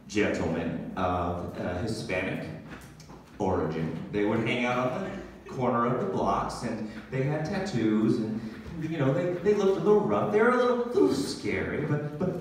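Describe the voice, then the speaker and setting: A man doing comedic storytelling on a live podcast, animated and self-mocking, swearing freely. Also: mid-range voice, slight background noise. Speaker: comedian guest. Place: small venue with live audience. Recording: echoey room, mic picked up from a distance.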